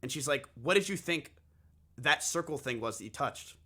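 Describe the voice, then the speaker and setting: Bright-voiced man telling a story. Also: a little high, lively intonation, moderate pace, husky. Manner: crude, candid, repeats himself for effect. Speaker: streamer. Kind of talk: casual storytelling to live chat.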